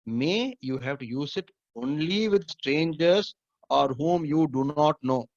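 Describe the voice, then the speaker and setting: A man's voice: on the high side, a little slow, darkish tone, no echo, muffled recording. A man lecturing as an assistant professor, explaining step by step, repeating points and checking if students follow. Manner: repetitive, explanatory, checks understanding with "okay?". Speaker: assistant professor teaching English. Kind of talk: classroom lecture.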